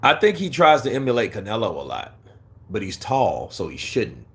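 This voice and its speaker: A man on a desk mic hosts a casual boxing livestream and talks straight to his chat. His voice is bright and forceful, and it climbs high when he gets heated. Between rants he drops into low, mumbled asides. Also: wildly swooping pitch, moderate pace, vocal fry. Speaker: boxing commentary livestream host.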